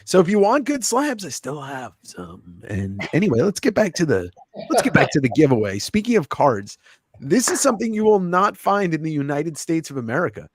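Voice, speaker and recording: A man's voice: fairly high pitch, big pitch swings, normal speed, no echo, clean studio sound. A man hosting a livestream giveaway, chatting casually in a rambling, jokey, self-mocking way. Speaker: livestream host. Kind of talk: casual chat.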